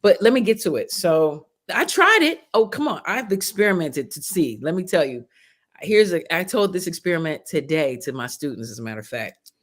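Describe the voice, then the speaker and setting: A woman who teaches school tells stories in a casual podcast chat, animated and profane, acting out the people she quotes. Her voice is on the low side at a moderate pace.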